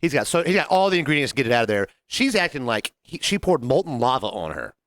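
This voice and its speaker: A man talks quickly with a lively, swooping delivery, acting out the voices of customers and coworkers. He is recorded close and dry, in a casual podcast conversation with a friend. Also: medium pitch, no echo. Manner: animated storyteller, acts out quotes. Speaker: podcast co-host, bartender. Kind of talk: casual chat.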